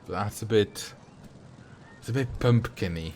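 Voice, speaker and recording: A man's voice: on the low side, unhurried, a little mellow, slight background noise. A man whose first language is Dutch, joking with his chat in a casual livestream while he plays. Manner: jokey, bantering with chat. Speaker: streamer.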